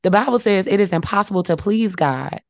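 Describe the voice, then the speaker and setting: A woman's voice: medium pitch, animated, fairly quick, creaky, no echo, studio quality. A woman co-hosting a faith podcast, affirming her co-host, reading verses and teaching in numbered points. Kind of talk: casual faith talk with scripture.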